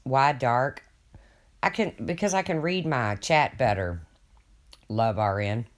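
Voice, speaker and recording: A man's voice: mid-range voice, takes it slowly. An older man rambling casually to viewers on his livestream, folksy and swearing freely as he reads their comments. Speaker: livestream host.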